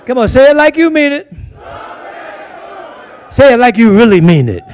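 A man a sermon, pushing the congregation to answer him, swinging from hushed talk to loud shouting. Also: very high-pitched, sing-song, normal speed, some chatter behind, slight background noise. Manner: call-and-response preaching, swings from hushed to shouting. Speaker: preacher.

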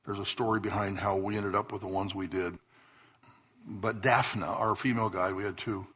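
A man's voice: lowish voice, fairly even intonation, moderate pace, fairly bright tone, slightly rough. A man preaching a sermon to his congregation as pastor, telling stories with earnest bursts of emphasis. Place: church hall before a congregation.

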